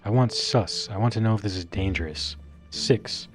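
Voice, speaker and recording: Low-voiced wry male streamer. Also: moderate pace, faint music behind. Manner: wry, reads game text and reacts with crude jokes. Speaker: game streamer. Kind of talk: casual live-stream commentary.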